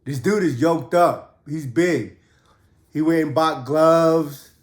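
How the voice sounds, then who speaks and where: A man's voice: fairly high pitch, slow. A man telling prison stories in a casual, profane way, and he raises his voice when he quotes people. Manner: laid-back, profane, acts out quotes in a raised voice. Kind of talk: casual storytelling. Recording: roomy echo.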